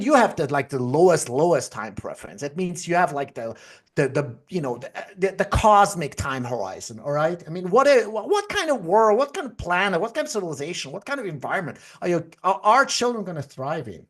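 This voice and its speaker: A man hosting a livestream podcast, ranting heatedly and swearing often, with many restarts and trailing asides. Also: on the high side. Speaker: podcast host.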